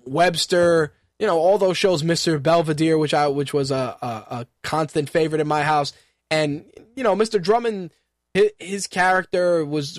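A man in his thirties runs a radio talk show and chats through the news in a loose, joking way, stumbling over words and filling gaps as he goes. His voice sits a little higher than most men's. The sound is dry and close, with no room around it. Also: no room sound. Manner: offhand and joking, with frequent fillers and restarts. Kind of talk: casual news commentary.

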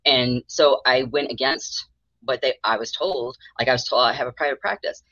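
A woman's voice: rumbling low, moderate pace, a bit bright, no room sound. A middle-aged woman therapist telling her story in a casual interview, acting out the voices of people she quotes. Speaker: mental health therapist, guest. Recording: dull lo-fi dry sound.

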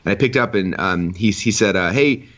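A man in his thirties, a podcast guest who tells stories with excitement, acting out quotes in a high voice. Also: a little fast, muffled recording. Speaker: podcast guest, online entrepreneur. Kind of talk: casual storytelling interview.

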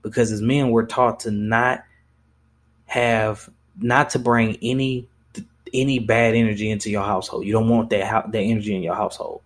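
A man's voice: fairly low pitch, flat delivery, moderate pace. A young man hosting a podcast, talking in a blunt, impassioned way with lots of swearing and restarts. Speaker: podcast host. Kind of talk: casual podcast monologue.

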